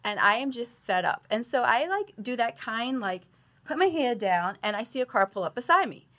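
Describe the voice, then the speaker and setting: Nurse telling a story. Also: female voice, fairly high pitch, normal speed. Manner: animated storyteller, acts out her own quoted lines. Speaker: nurse and guest. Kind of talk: conversational storytelling.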